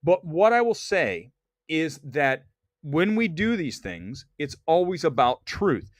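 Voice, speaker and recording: Blunt, rambling male stream host with a raised pitch and a dry, close sound. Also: sing-song, slow, no echo. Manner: blunt, opinionated, rambling with restarts. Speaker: livestream host. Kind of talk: animated live-stream chat.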